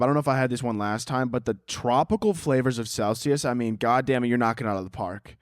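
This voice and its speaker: Male podcast host, mid-pitched, sarcastic swearing rant, dry close sound. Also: no room sound. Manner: profane, sarcastic, laughing at his own jokes. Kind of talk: casual solo podcast rant.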